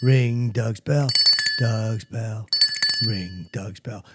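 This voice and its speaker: A man slowly chanting a repetitive podcast jingle. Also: fairly low pitch, heavy background noise. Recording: jingle with loud bell and clicking sounds.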